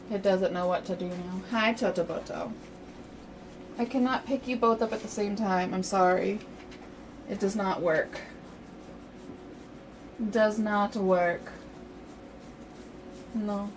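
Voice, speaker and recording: A woman hosting a game livestream, talking casually and playfully to her viewers. Her voice sits at a middle pitch. A steady background noise runs under the recording. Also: normal speed. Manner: chatty, playful, rambling. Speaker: game streamer.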